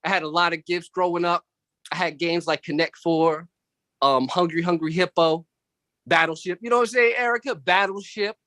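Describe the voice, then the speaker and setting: A man doing animated stand-up comedy over a video call from home, jumping into voices of family and coworkers. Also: sits high, moderate pace, no echo, studio quality. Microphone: computer mic on a video call.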